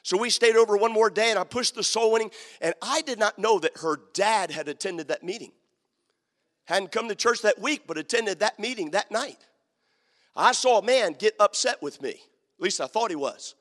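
Fervent high-voiced preacher in a reverberant hall. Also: male voice, normal speed. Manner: fervent, builds to shouting. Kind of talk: sermon with storytelling.

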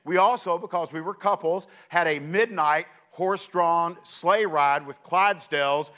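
A man's voice: fairly high pitch, unhurried, bright, forceful tone. A man preaching, telling a folksy story with asides to the audience. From Kentucky. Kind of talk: storytelling sermon.

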